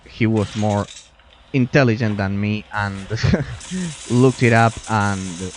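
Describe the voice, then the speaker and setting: A man with a voice on the low side takes it slowly as he gives casual let's-play commentary over a video game, with slight background noise. He rambles, restarts his sentences, and mutters to himself while playing.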